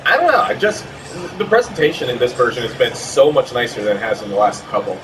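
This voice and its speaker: A man's voice: medium pitch, expressive, fast, recorded from a distance, noisy background. A man co-hosting a hockey video game session, chatting easygoing about the game. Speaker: co-host and player. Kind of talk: casual gameplay commentary.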